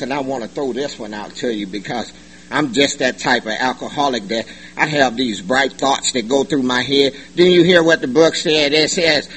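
A middle-aged man giving a personal testimony at a recovery meeting, animated and joking, in loose slangy talk. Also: a little high, a little hiss or hum, poor audio. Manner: animated, joking, colloquial, laughs often. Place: meeting room.

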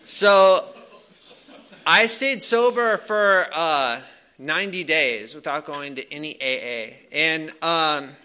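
A man with a slightly high, very bright and sharp voice tells a personal story to a crowd. He talks loosely and casually, with frequent fillers and restarts. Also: slow, smooth. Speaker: speaker sharing a recovery story. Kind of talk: casual storytelling to a live audience.

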